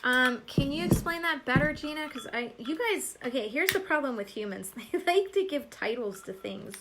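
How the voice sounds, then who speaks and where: A woman's voice: high-pitched, animated, moderate pace, very noisy. A woman hosting a live stream as a psychic medium, chatting casually, laughing often and answering viewers by name.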